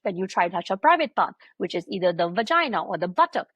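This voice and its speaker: A woman in her thirties from India, co-hosting a parenting podcast and telling stories in a quick, animated way. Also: fairly low pitch, breathy edge, no echo. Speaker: podcast co-host, pediatric sleep consultant. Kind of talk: casual podcast chat.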